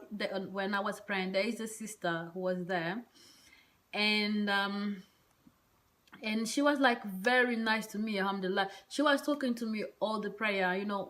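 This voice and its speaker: A woman vlogger recounting a personal experience in a loose, rambling way. She hesitates often and leans on fillers. Now and then she drops into soft whispered asides. Her voice sits at a middle pitch. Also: steady tone, moderate pace. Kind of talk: casual personal storytelling.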